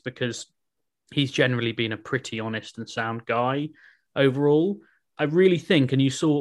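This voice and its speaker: A man hosting a podcast. He talks in a wry, chatty way and laughs often. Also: medium pitch. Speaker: podcast host. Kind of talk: casual chat.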